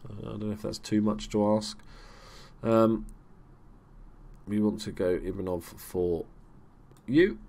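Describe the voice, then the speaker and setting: A man's voice: fairly low pitch, unhurried, creaky, long pauses. Young male gaming YouTuber, chatty and self-deprecating, loose play-by-play. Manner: chatty, self-mocking, swears when excited. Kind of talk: casual let's play commentary.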